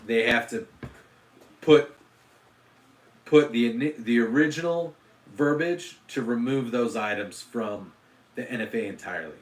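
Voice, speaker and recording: A man's voice: medium pitch, measured pace, pauses often, recorded from a distance. A man hosting a casual livestream, rambling and self-deprecating, with lots of fillers and restarts. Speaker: livestream host. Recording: roomy echo.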